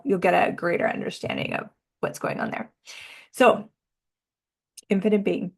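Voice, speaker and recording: A woman's voice: medium pitch, a bit bright. Musing woman coaching on overwhelm. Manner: musing, conversational, uses "like" a lot. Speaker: podcast host and energy coach. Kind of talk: reflective self-help monologue.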